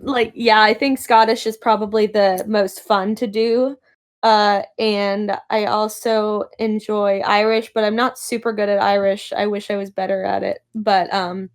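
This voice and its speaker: A young adult woman, a voice actress, chatting casually and bubbly in an interview, with lots of fillers and laughter. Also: medium pitch.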